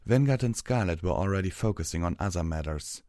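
A man reading a fantasy story aloud as narrator, steady and measured. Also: deep voice, no echo, studio quality.

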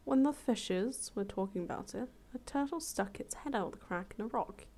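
A woman reading a fable aloud as a storyteller, relaxed and chatty, with casual asides and self-corrections. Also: medium pitch, normal speed.

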